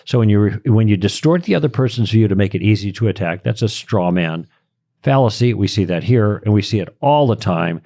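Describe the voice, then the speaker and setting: A man with a lowish, mellow voice speaks a little quickly and expressively in a dry recording. He's a Christian apologist appearing as a podcast guest, explaining his points conversationally in an emphatic, lecturing style that stresses key words.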